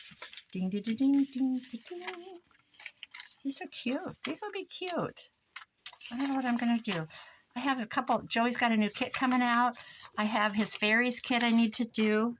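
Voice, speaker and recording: An older woman, a grandmother, chatting casually in her craft room, rambling from one story to the next as she works on pages. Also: mid-range voice. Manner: rambling, chatty, jumps between stories. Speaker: crafting vlogger. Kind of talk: casual chat while crafting. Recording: noisy home recording.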